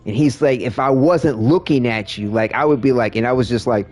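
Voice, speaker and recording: While gaming on stream, a man chats casually with viewers, rambling and full of restarts and fillers. His mid-range voice is fairly quick and a little mellow.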